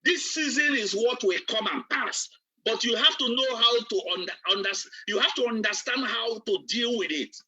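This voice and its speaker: A man's voice: extremely high pitch, normal speed, sharp tone, husky. A man, a business coach giving a preacher-like motivational training, repeating himself emphatically. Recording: distant, dull lo-fi recording.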